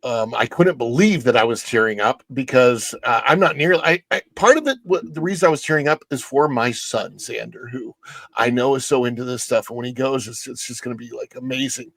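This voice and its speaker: Halting, emotional male guest, dry sound. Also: mid-range voice, fairly bright tone, no echo. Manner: halting, many restarts, emotional. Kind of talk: casual chat.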